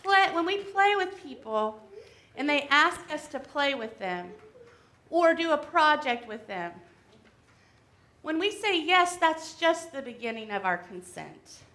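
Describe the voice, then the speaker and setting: A woman leading a children's segment of a church service, explaining things gently and simply to the kids. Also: high-pitched, sing-song, measured pace. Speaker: worship leader for a children's segment. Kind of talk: time-for-all-ages talk to children. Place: church sanctuary.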